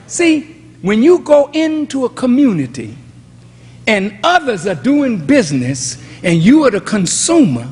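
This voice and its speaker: An older man preaches a fired-up sermon in a high, swooping voice that leaps up to shouts and then falls to a near murmur. He takes his time over each phrase, and a long reverb from a large hall trails after his words. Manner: preaching with shouted peaks and sudden drops. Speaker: minister. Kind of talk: fiery sermon.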